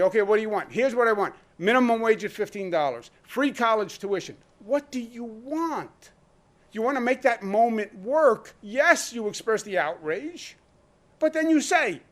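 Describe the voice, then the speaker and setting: A man gives a governor's press briefing in a fairly high, animated voice, stressing every point. He fires off rhetorical questions and uses deliberate pauses for effect.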